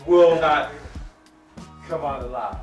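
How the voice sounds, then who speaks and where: A man's voice: a little high, a little slow. Man talking from a roomy distance. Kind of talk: casual chat. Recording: roomy, off-mic with music.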